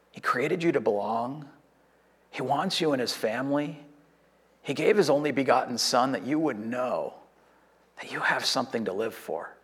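A man's voice: medium pitch, breathy edge. A middle-aged man preaching an earnest, conversational sermon as a pastor and closing with a prayer.

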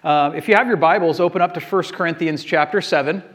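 A male pastor delivering a conversational, self-deprecating sermon. His speaking voice sits notably high for a man. He talks to the congregation like a friend, sprinkling in fillers and starting sentences over. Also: quick pace, a bit bright.

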